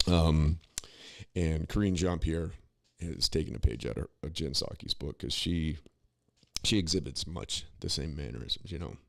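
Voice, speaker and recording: A man's voice: extremely low pitch, moderate pace, gravelly, no room sound, studio quality. A man co-hosting a podcast, talking in a rambling, opinionated way with many restarts and asides. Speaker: podcast co-host. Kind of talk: casual political commentary.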